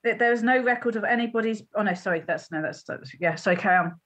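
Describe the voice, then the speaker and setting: A woman's voice: medium pitch, quick pace, fairly bright tone. A woman guest on a podcast, hesitant and searching for words, reading passages aloud from a book. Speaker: guest poet.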